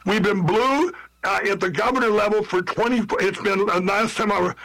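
Man from minnesota, high pitch, rambling candidate guest, lots of restarts. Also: moderate pace, fairly bright tone, poor audio. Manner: rambling, frequent restarts, addresses listeners as everybody. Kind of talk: interview talk.

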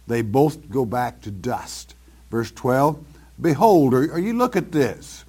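Slow, emphatic man preaching. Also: mid-range voice, darkish tone. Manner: emphatic, folksy explanations. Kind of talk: verse-by-verse Bible teaching.

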